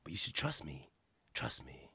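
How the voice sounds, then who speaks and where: A man doing an impression of a calm, sinister male wrestler who speaks slowly, quietly and deliberately. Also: no echo, whispered. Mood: menacing. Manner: slow, quiet, deliberate, venomous.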